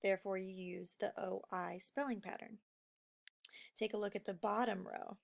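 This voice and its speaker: A woman teaching a recorded phonics lesson, explaining slowly and patiently to young students. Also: mid-range voice, fairly even intonation, gravelly.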